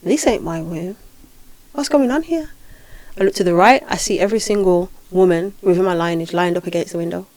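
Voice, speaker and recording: A woman hosting a podcast, telling a spiritual experience in a lively, dramatic way with repeated phrases. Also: lowish voice, brisk, no echo. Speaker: podcast host and spiritual healer. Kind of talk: casual podcast storytelling.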